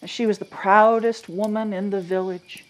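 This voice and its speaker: Dramatic woman storyteller, hushed then lively. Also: medium pitch, moderate pace. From Maine. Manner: dramatic, swings from hushed to loud and animated; asks the audience questions. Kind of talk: live storytelling to an audience.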